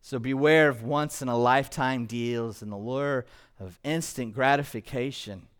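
Smooth-voiced male pastor preaching. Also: medium pitch, normal speed. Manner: animated, quizzes the congregation with questions. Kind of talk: sermon. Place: church, in front of a congregation.

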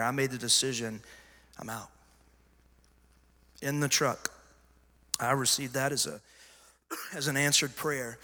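In a large church sanctuary, a middle-aged pastor gives a sermon testimony from the pulpit in a mid-range voice that is very bright and forceful. He tells his story emphatically, dropping to hushed asides before swelling back into loud cries, all wrapped in the hall's long reverb.

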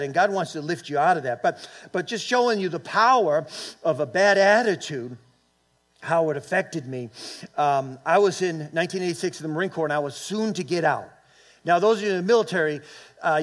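High-voiced man preaching with energy. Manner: energetic preacher calling for audience response. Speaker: pastor. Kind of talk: sermon with personal story.

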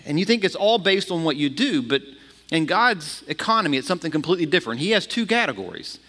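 Animated male pastor in a reverberant hall. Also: a little high, fast talker. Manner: animated, repeats words when starting phrases. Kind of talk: sermon.

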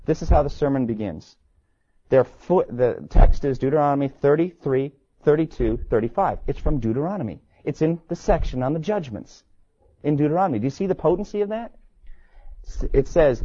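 A man's voice: a little high, animated, fairly quick, dark tone, slightly rough, muffled recording. A man giving a conversational, emphatic classroom lecture, stopping to question his listeners and reading sermon passages aloud.

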